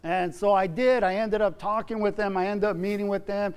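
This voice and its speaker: A man's voice: sits high, steady tone, brisk, smooth. A male pastor preaching a sermon in a church, often calling out "amen?" and "church" to the congregation. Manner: preaching with frequent "amen?" and "church" call-outs. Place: church sanctuary. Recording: long church hall reverb.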